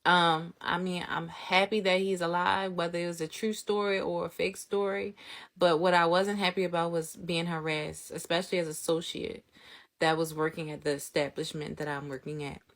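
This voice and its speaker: Animated young woman telling a story. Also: lowish voice, normal speed. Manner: animated, laughs often, acts out quotes. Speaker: vlogger. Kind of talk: storytime vlog, casual retelling.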